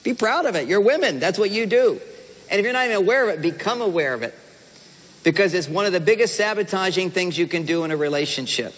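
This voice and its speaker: A man with a fairly high voice addresses a live audience in a big hall, his words trailing into a long reverb. He talks in an animated, playful way, slipping into the voices of husbands and wives to make his point. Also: fast talker. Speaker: relationship speaker. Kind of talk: seminar talk to a live audience.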